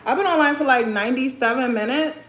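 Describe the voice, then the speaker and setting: A woman's voice: sits high, quick pace, fairly bright tone, a little hiss or hum. A young woman hosting a casual livestream chat. She talks bluntly and with sass, often calls her viewers sir or girl, and laughs a lot. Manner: laughs often while talking. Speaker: livestream host. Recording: roomy echo.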